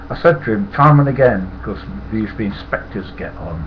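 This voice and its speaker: A man's voice: lowish voice, lively intonation, moderate pace. An older man with a Nottingham accent, telling casual, rambling anecdotes, chuckling and swearing freely. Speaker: storyteller. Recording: muffled lo-fi with loud hiss.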